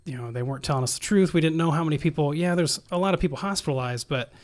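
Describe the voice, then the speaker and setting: A man's voice: on the high side, racing. A man, a nurse, telling a story as a guest in a podcast interview, acting out the dialogue as he goes.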